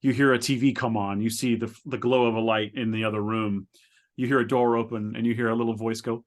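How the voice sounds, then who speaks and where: Male co-host, mid pitch, chatty and rambling, stumbles on his words, laughs easily. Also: level tone, fairly quick. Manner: rambling, stammering, laughs often while describing. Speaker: podcast co-host. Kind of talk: casual chat. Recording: lower quality than usual.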